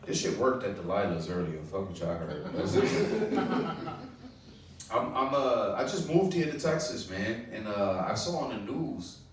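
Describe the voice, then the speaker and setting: Puerto Rican man, stand-up comic, loose rambling delivery, distant mic in an echoey club. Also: measured pace. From Puerto Rico. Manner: loose storytelling with fillers, climbing high when excited. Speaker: stand-up comedian. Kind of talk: stand-up set at an open mic. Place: small comedy club, open mic. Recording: echoey room, far from the mic.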